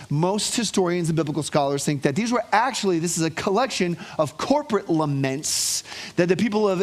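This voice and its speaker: A man preaching to his congregation, telling stories with animation and calling for responses from the room. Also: high-pitched. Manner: animated storytelling with call-and-response. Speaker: pastor. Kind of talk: sermon.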